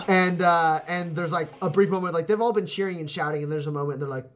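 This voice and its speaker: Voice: mid-range voice, a bit bright. A game master narrating a tabletop game in a loose, rambling way, full of fillers and laughter.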